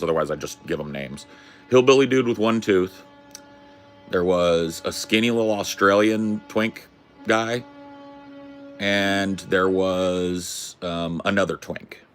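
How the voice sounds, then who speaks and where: A man hosting a podcast, telling a rambling story in a casual, profane, animated way. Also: sits low, measured pace, faint music behind. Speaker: podcast host.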